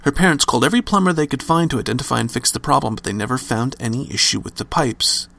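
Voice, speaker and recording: A man's voice: mid-range voice, lively intonation, quick pace, creaky, a bit bright. A man narrating a scripted horror story with dramatic, varied emphasis.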